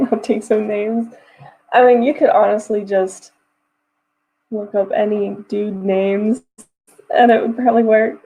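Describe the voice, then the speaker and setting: A woman's voice: on the high side, unhurried, pauses often, breathy edge, muffled recording. A young woman hosting a writing livestream, chatting casually with viewers, giggling often and talking in loose, restarting phrases. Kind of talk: casual livestream chat reading comments.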